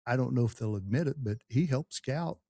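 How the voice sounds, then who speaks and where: Middle-aged male host, mellow tone, dry close-miked sound, folksy and rambling. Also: medium pitch, expressive, fairly quick, no room sound. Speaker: podcast host. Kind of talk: casual podcast conversation.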